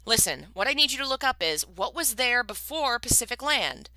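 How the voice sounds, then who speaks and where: A woman's voice: on the high side, sing-song, moderate pace, bright, forceful tone, dry recording, pitched above the performer's own voice, heavily acted. A woman reading a book aloud and voicing a desperate man who pleads urgently for his family's lives.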